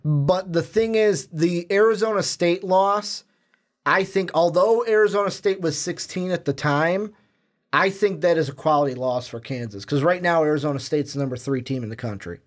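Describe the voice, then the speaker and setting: A man's voice: fairly high pitch, moderate pace. A man co-hosting a sports podcast, chatting casually and steering the segment. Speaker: podcast co-host.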